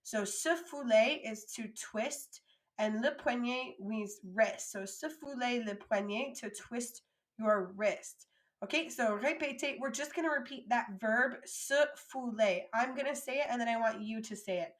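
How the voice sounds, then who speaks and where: In a recorded French lesson, a woman with a slightly high voice says words slowly so learners can repeat them, then explains them in quick asides in English.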